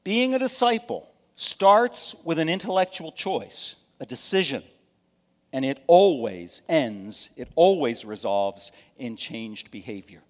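A male pastor preaching a sermon in a conversational way. He often checks in with the congregation and swings from loud emphasis down to soft, near-whispered asides. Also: mid-range voice, big pitch swings, slow. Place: church sanctuary. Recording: long hall reverb.

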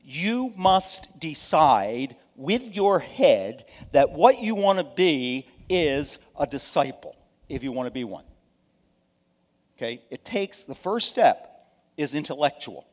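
Preacher with a higher voice in a reverberant hall. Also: male voice, big pitch swings, a little slow. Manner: conversational preaching, often checks in with the congregation; swings between loud emphasis and soft, near-whispered asides. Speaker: pastor. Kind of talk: sermon. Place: church sanctuary.

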